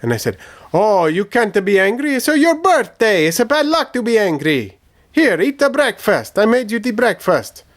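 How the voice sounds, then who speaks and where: A man voicing a goofy middle-aged Italian uncle, telling rambling comic stories in broken English with an Italian accent and theatrical pauses. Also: a little high, sing-song. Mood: storytelling. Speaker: puppet show storyteller character. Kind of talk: children's comedy sketch acting.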